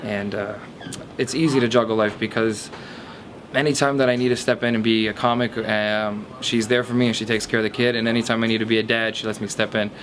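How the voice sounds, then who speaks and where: A man in his twenties from a Portuguese family background talks quickly and candidly in a documentary interview. He rambles and restarts his sentences often. Faint background noise sits behind his voice. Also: lowish voice, level tone, a bit bright. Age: 20s. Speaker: comedian being interviewed.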